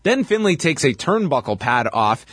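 A man co-hosting a casual chat show, recapping wrestling matches play by play in an animated way. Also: fairly high pitch, moderate pace, no echo. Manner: lively, animated storytelling. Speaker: podcast co-host recapping wrestling.

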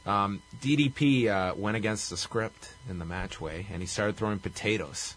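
A husky-voiced man chatting casually on a podcast. He recaps a movie plot wryly and with plenty of swearing, laughing at his own jokes. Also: lowish voice, moderate pace, fairly bright tone. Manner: wry, profane, laughs while recapping. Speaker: podcast co-host.

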